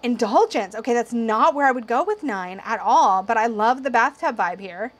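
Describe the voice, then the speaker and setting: A young woman reviewing tarot decks in a casual video, slightly tipsy, excitable and giggly, cursing now and then. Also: a little high, normal speed. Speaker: tarot YouTuber.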